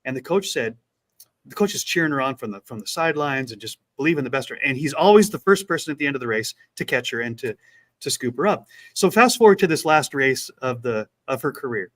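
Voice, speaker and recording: A man co-hosting a casual chat, retelling a story with lively acted-out quotes. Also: medium pitch, brisk. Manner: animated retelling, acts out quotes. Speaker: podcast co-host.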